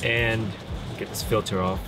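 Over music, a man with a fairly low pitch speaks at a measured pace with fairly even intonation, vlogging casually from a fishing pier in rain and wind. He explains his gear in a relaxed way, often saying "man," recorded on a camera-mounted mic amid wind, rain and outdoor ambience.

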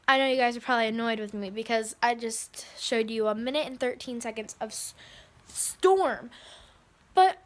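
A frightened teenage girl vlogging casually from home on a handheld phone, talking in a nervous, jittery way with breathy asides. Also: a little high, normal speed. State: frightened and shaking. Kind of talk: casual vlog. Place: indoors at home by a window.

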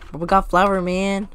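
A woman chatting frantically while playing a co-op cooking game, swearing, laughing and shouting orders at her teammate. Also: medium pitch, clear, resonant tone. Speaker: gamer. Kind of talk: casual co-op gameplay chat.

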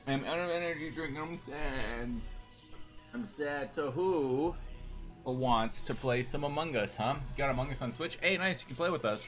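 A man's voice: mid-range voice, normal speed, a bit bright, faint music behind. A man live-streaming a game, chatting casually with viewers in an upbeat, rambling way. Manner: upbeat, greets chat, rambling with restarts. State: hyped on energy drink.

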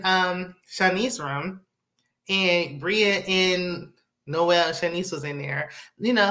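A woman's voice: lowish voice, a bit bright. A woman giving a casual, sassy recap of a reality show, chatty with frequent asides. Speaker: TV recap host.

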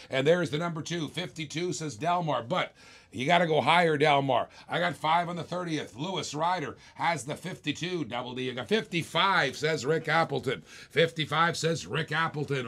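Gravel-voiced man, slightly high, running a live online auction with jokey repeated bid calls. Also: normal speed, fairly bright tone. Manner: playful, repetitive bid patter with jokes. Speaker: auctioneer and host.

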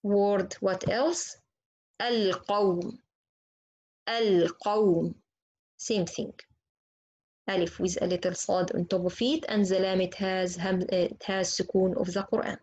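A woman teaching Quran recitation, slowly and patiently repeating each example word. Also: medium pitch, fairly even intonation, darkish tone, low-quality recording. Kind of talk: slow tajweed lesson with spoken examples.

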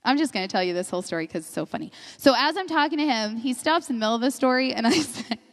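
A middle-aged woman pastor delivers a sermon in a slightly high voice, full of personal stories. She talks in an animated way and breaks into laughter often. Her voice carries with a long reverb through a large church hall. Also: quick pace. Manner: animated storyteller, laughs often mid-sentence. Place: church sanctuary.

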